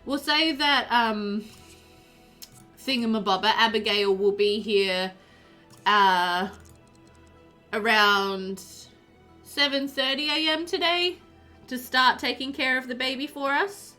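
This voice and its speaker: A woman's voice: on the high side, slow, long pauses, bright, forceful tone, faint music behind. A woman streaming a life-sim game live, chatting loosely, laughing often and reading out her chat as she plays.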